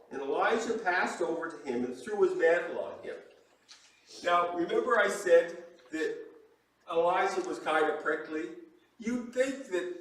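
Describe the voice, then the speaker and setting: A man preaching a sermon as pastor, telling the story with lively acted-out voices for the people in it. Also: high-pitched, heavy reverb, far from the mic, rough recording. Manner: animated storytelling, acting out quoted voices. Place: church sanctuary.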